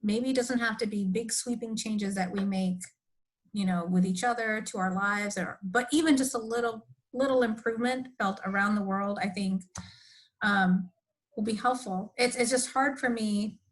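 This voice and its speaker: A woman hosting a podcast, reflective and animated in casual conversation, laughing often. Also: medium pitch, normal speed. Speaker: podcast host.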